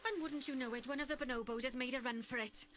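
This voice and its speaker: A woman's voice: high voice, steady tone, fast talker, a bit bright. A woman voicing a cheery, jokey zoo guide who leads a game tutorial in a sing-song manner. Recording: faint game music behind.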